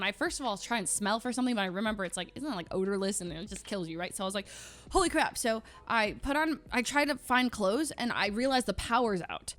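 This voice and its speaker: A woman's voice: medium pitch, a bit bright. A young woman streamer telling a story in a dramatic way, full of "like" fillers and acted-out sounds. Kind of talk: animated storytelling.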